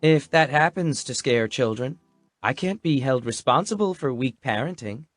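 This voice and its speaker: A man voicing a standoffish, sarcastic young woman who speaks in a dry, caustic, almost monotone way. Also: mid-range voice, normal speed, no echo, soft background music, pitched above the performer's own voice, natural voice. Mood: deadpan sarcastic. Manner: caustic near-monotone deadpan.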